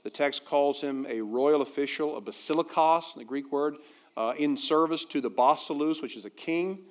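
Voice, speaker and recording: A man preaching a sermon as a pastor, conversational and quick to toss in humorous asides. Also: fairly high pitch.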